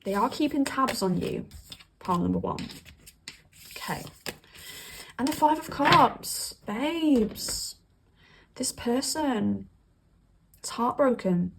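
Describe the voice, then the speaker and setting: A woman doing a casual, chatty tarot reading, emphatic and quick to laugh. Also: a little high, animated, creaky, noisy background. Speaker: tarot reader.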